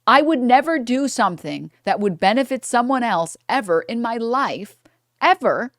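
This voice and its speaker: A woman's voice: a little high, lively intonation, moderate pace, no echo, studio quality, pitched above the performer's own voice. A woman putting on the voice of a whiny, self-important rich businessman, talking in a mocking, incredulous way. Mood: smug.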